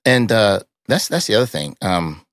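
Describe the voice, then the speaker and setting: Deep gravelly middle-aged man, halting and raw. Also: sing-song, fairly bright tone, no echo, clean studio sound. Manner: raw, halting, swears often, with many restarts and fillers. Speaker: podcast guest. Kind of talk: emotional personal storytelling.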